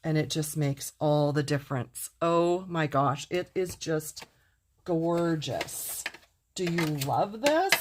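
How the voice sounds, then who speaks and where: A woman's voice: fairly low pitch, animated, takes it slowly. A middle-aged woman teaching card making in a casual demonstration, gushing with enthusiasm and talking straight to her viewers.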